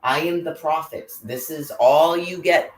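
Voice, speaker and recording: A woman's voice: deep voice, unhurried, slight background noise. A woman in an agitated, profanity-filled angry monologue to camera. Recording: roomy echo.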